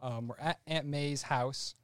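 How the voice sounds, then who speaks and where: A man on a podcast casually describing a film scene, unhurried, hedging and correcting himself. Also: medium pitch, fairly even intonation, dry recording. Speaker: podcast co-host.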